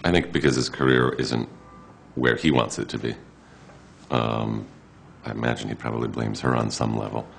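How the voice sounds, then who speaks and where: A man's voice: extremely low pitch, steady tone, moderate pace, creaky, long pauses, over loud music. A man commentator with a dry, wry interview manner.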